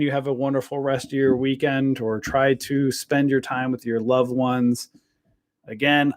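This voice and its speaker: A man hosting a casual live trading stream, rambling with lots of fillers and calling viewers guys. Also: medium pitch. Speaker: trading show host. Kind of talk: casual livestream chat.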